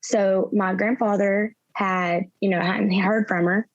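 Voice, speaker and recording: A young woman, a guest in an interview, retelling events through quoted dialogue in a soft, halting way with fillers. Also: mid-range voice, steady tone, dry recording. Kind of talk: personal storytelling in an interview. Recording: slightly dull, dry sound.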